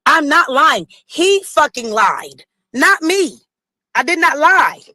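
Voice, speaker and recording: A woman's voice: high voice, very animated, slow, pushed and bright, no room sound, rough recording. A woman hosting a stream, talking bluntly and with a lot of profanity, insisting she is not lying. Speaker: stream host. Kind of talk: heated casual chat.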